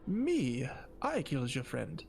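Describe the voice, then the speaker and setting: A man serving as game master for a tabletop game, his voice sitting at an ordinary middle pitch. He talks haltingly, stopping and restarting often, with soft music playing faintly behind him. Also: huge pitch swings, vocal fry. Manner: halting, full of fillers and restarts.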